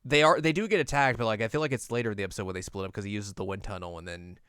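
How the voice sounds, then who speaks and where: A man's voice: fairly low pitch, racing, fairly bright tone, clean tone, dry recording, clean studio sound. A man co-hosting a podcast, recapping an anime episode in casual chat and slipping into goofy quoted character voices. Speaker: podcast co-host.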